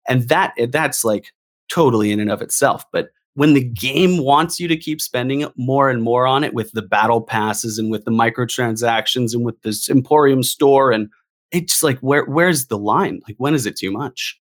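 A man speaking as a longtime gamer in a casual discussion, talking in an animated, emphatic way and repeating phrases for emphasis. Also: mid-range voice, normal speed. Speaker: guest gamer.

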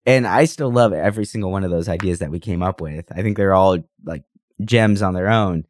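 A man with a very low voice co-hosts a casual podcast while sick. He rambles enthusiastically with plenty of fillers. The recording is dry and close on a podcast mic. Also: a little fast, no echo. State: sick, under the weather. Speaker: podcast co-host. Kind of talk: casual chat. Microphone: podcast microphone.

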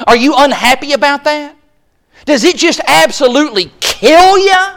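A man preaching a sermon at a church service, impassioned, building to loud exclaims and acting out the voices he quotes. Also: very high-pitched, animated, moderate pace.

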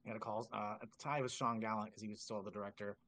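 A man's voice: lowish voice, rapid-fire, dry recording. A man, a drumline instructor, telling stories casually on a podcast and acting out quoted dialogue with lots of filler words. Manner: animated, acts out quoted dialogue in a raised voice.

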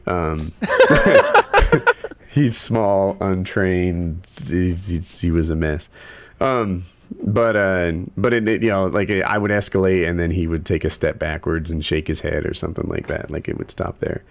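A man swaps stories in a loose, casual conversation. His pitch swings widely as he talks, and the telling is rambling and profane. He keeps stopping to restart his sentences. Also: unhurried. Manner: animated, rambling, profane storytelling with frequent restarts.

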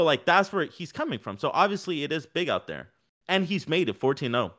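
A man co-hosting a podcast, talking in a rambling, animated, casual way with many fillers. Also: mid-range voice. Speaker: podcast co-host. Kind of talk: casual sports chat.

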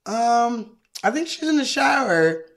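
A woman voicing a cheery, pushy man who eats cookies and talks with a full mouth, in a high bright voice. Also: big pitch swings, measured pace. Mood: smug cheery. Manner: chirpy, mouth full, overly friendly.

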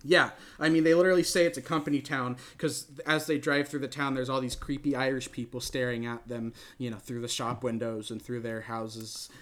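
Here a man chats casually through a film recap on a podcast, animated and rambling, putting on goofy voices for each character. His medium-pitched delivery is fairly quick, with hardly any pauses.

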